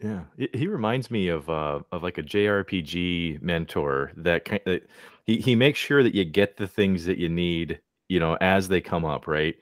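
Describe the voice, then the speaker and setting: Man co-host, very deep voice, dry sound, hesitant. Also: normal speed, no echo. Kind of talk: casual interview chat.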